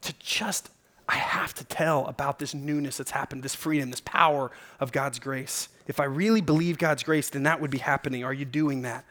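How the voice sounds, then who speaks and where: A man's voice: medium pitch, fairly even intonation, normal speed, fairly bright tone. A male pastor giving a sermon in a casual, conversational way, telling stories and urging his listeners directly. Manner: casual, conversational preaching with storytelling.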